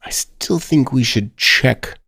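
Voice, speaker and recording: A man's voice: mid-range voice, slow, vocal fry, bright, forceful tone, husky, dry recording, clean studio sound. A man playing a tabletop game who jokes and swears freely. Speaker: player. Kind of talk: casual tabletop play.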